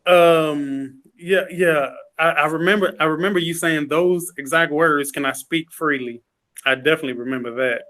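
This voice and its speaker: A man's voice: a little high, moderate pace, few pauses, fairly bright tone, poor audio. A man being interviewed on a team call, humble and determined, with hesitant fillers. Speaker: sales agent, interview guest. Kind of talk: casual conversational interview. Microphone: call audio.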